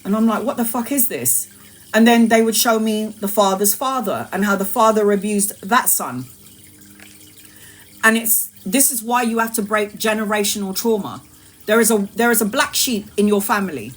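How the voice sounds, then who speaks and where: A woman's voice: medium pitch, moderate pace. Emphatic woman tarot reader on a live stream. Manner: emphatic and repetitive, addresses viewers as "my love", swears freely. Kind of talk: live-streamed spiritual talk.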